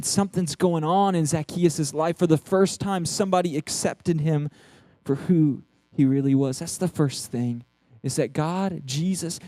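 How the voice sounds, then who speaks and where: A man preaching a sermon in a church, earnest and animated, often restarting his sentences. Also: on the high side, no echo.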